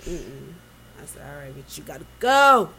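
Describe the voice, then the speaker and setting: A woman co-hosting a casual chat, telling stories in an animated, profane way. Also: low-pitched, normal speed, gravelly. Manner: animated storytelling, swearing freely.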